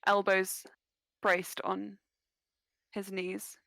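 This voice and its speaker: A woman narrating as game master of a tabletop game, playful and quick to laugh. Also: medium pitch, completely flat delivery, gravelly, a bit bright, no room sound.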